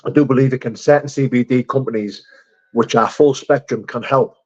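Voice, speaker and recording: A man's voice: mid-range voice, steady tone, fairly quick, darkish tone. Man chatting on a lo-fi stream. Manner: reads viewer comments aloud and answers them, swearing freely. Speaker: livestream host. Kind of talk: casual live-chat stream. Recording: slightly dull lo-fi stream audio.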